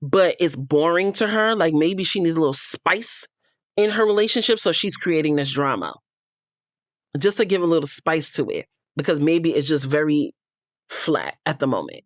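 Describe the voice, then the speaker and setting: Woman, low-pitched, gossipy reality show recapper, dry close sound. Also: expressive, moderate pace, no echo. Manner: chatty, gossipy, with frank asides. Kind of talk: casual recap commentary.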